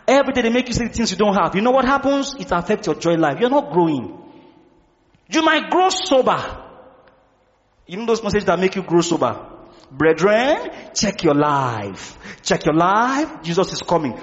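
A male pastor, preaching an impassioned sermon and often shouting to the congregation. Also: high-pitched, long reverb tail, highs cut off.

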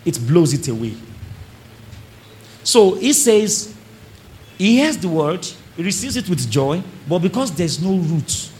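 Animated man preaching. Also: sits high, a little hiss or hum. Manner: animated preaching, acts out congregants, calls on the audience. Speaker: pastor. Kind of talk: sermon. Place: church service before a congregation.

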